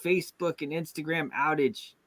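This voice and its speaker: A middle-aged American man hosts a loose, chatty show. His voice sits a little high for a man, and he rambles along, restarting sentences and dropping fillers. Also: steady tone, moderate pace, a bit bright. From United States. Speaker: show host. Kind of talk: casual chat.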